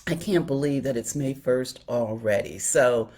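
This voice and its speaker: A woman's voice: a bass voice, unhurried, a little mellow. A woman hosting a live stream, chatting casually and greeting viewers by name. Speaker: inspirational host of a live stream. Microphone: phone or webcam on a live stream.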